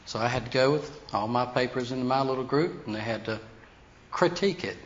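A man preaching a storytelling sermon, animated, acting out the voices of people he quotes. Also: mid-range voice, fairly quick. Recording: dull lo-fi sound with faint hiss.

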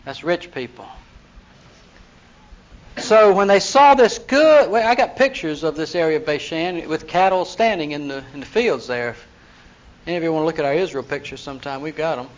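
A man teaching a Bible class in a relaxed, conversational way, retelling scripture in lively acted voices and putting questions to his listeners. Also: fairly high pitch, normal speed. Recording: dull lo-fi recording.

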